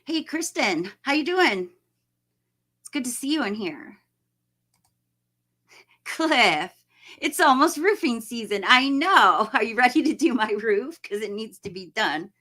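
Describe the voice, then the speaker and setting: Bright, chatty woman streaming live. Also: fairly high pitch, animated, measured pace, pauses often. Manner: chatty, greeting viewers by name, laughs often. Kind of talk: casual live stream chat.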